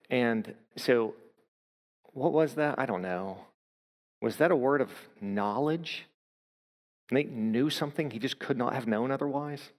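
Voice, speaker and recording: A man preaching in a big reverberant hall, his voice pitched in the middle range. He tells his story in a loose, conversational way, often stumbling and restarting his sentences. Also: normal speed. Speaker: pastor. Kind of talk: sermon.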